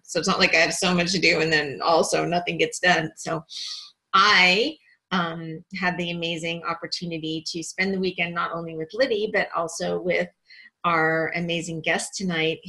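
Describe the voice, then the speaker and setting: A woman's voice: on the low side, a bit bright, poor audio. A woman hosting an online women's group in a casual, chatty way, hesitating often with fillers. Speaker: host.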